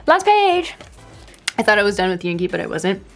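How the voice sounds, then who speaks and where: A young woman in her twenties chatting casually through a sketchbook tour, rambling, self-deprecating and quick to giggle. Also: on the low side, fairly even intonation, gravelly. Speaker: artist giving a sketchbook tour. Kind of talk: casual chat.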